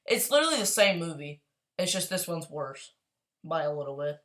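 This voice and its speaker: A woman chatting casually as a YouTuber, gushing and excitable, rambling along with quick apologies. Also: deep voice. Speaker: YouTuber ranking movies. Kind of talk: casual tier-list chat.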